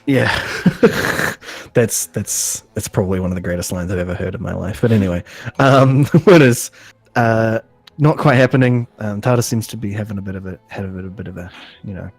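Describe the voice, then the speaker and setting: A man recapping an episode on a casual podcast, halting, full of ums and restarts, laughing often. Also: lowish voice, breathy edge, no echo. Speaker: podcast host.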